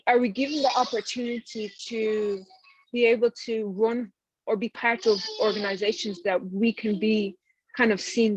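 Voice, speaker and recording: A woman in her thirties from Ireland speaks earnestly and conversationally with a Dublin accent as a panelist on a video call. Her mid-range voice has a breathy edge. The video-call audio is dry and dull, with no room sound.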